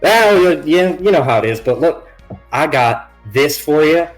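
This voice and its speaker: A scrappy, good-natured woman mechanic, put on by a man, tossing off folksy slang and casual curses. The voice sits far higher than his normal speech and takes on an odd, altered tone. It has the loose, offhand feel of a tabletop role-play. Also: expressive, a little slow, faint music behind. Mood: cheerful. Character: scrappy young woman mechanic, cheerful and blunt.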